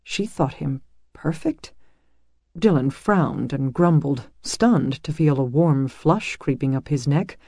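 Mellow, dry audiobook narrator. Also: medium pitch, lively intonation, slow, husky, dry recording. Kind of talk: scripted narration of a medieval romance.

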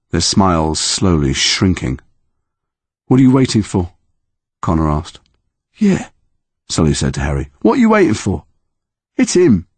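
A deep-voiced man reads a story aloud with a husky grain. His delivery swings widely in pitch, and the recording is close and dry. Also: dry recording. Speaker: audiobook narrator. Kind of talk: scripted narration.

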